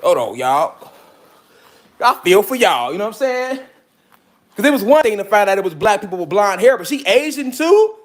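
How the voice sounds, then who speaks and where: A man's voice: high voice, very animated, normal speed, long pauses. A man giving a profane, preachy lecture to his viewers, full of repeated call-and-response asides. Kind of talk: street-style lecture to viewers.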